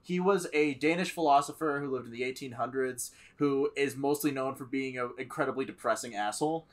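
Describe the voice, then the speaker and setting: A man's voice: mid-range voice, fairly quick. A man in a casual podcast chat, dry and wry, explaining ideas.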